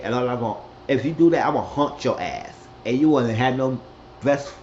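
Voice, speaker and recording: A man recapping a TV episode in a loose, rambling way, jumping into characters' lines with a raised, lively voice. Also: fairly quick, dull audio, a little hiss or hum. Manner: rambling, acts out quotes with raised pitch. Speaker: recap host.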